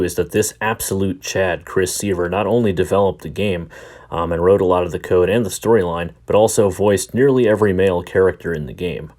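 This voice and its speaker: A man narrating a casual video game review in a relaxed, wry way. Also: low voice.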